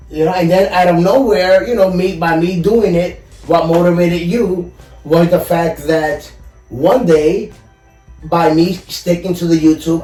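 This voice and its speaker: This collector and YouTuber, appearing as a podcast guest, has a mellow voice pitched fairly high. Chatting casually, he tells a personal story with sincerity, frequently dropping in "you know." Faint music sits behind him in an echoey room, with the mic at a distance.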